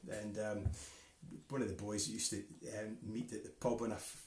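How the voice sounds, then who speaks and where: A man's voice: lowish voice, little pitch movement, normal speed, a little mellow, a little hiss or hum. A Scottish man, a fiddler co-hosting a home livestream, chatting casually between tunes in an easygoing, rambling way with lots of fillers. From Scotland. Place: living room at home. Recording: roomy home livestream audio.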